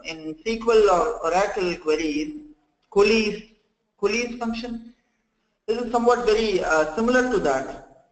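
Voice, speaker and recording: A man running a live software training session, explaining step by step, often saying "okay" and "friends" and restarting sentences. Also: sits high, echoey room, rough recording.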